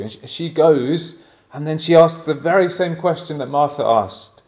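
A man's voice: medium pitch, brisk. A man preaching a sermon, earnest, often turning to the congregation with rhetorical questions. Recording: tinny phone-like sound.

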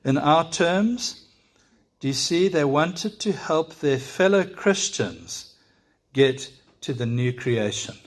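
Earnest male preacher delivering a sermon. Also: fairly high pitch. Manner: earnest, direct address to congregation with rhetorical questions. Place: church.

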